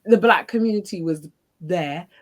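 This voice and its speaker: Woman, slightly low pitch, chatty guest, hesitant phrasing. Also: moderate pace, rough recording. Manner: chatty, thinks aloud with hesitations. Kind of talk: casual conversation.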